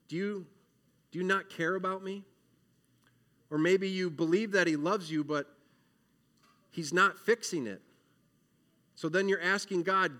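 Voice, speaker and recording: A man giving an earnest, emotional children's sermon, acting out prayers and shifting between loud pleading and quiet reflection. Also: high-pitched. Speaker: children's minister.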